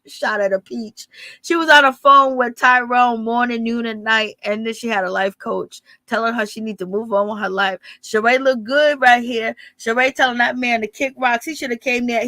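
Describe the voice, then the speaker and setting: Animated woman chatting about reality TV. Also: a little high, no echo. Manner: animated, greets chat viewers, acts out quotes. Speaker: reality TV commentary host. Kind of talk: casual live-stream commentary.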